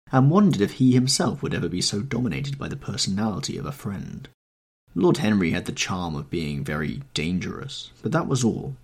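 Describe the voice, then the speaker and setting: A man who hosts a storybook podcast, reading a classic novel aloud in a measured, expressive way. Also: fairly low pitch, creaky, breathy edge. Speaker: podcast host and reader. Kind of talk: scripted narration of a classic novel.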